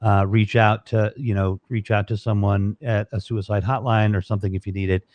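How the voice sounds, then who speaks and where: A man's voice: fairly low pitch, little pitch movement, a little fast, no echo, lo-fi sound. A man hosting a live online talk show, signing off with rambling, grateful, joking chat into a studio microphone. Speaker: show host. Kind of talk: casual live-stream sign-off chat.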